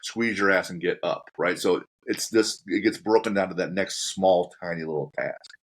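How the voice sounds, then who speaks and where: A man's voice: low-pitched, normal speed. A man hosting a podcast, telling a story step by step in a casual chat and acting out his own reactions along the way. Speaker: podcast host.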